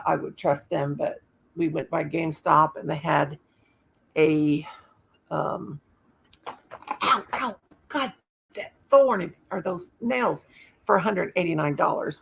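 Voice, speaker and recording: A woman's voice: sits low, gravelly, slightly rough. A woman hosting a casual live stream from home, rambling and chatting with viewers and often stopping to search for words. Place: home, in the dark with one light on.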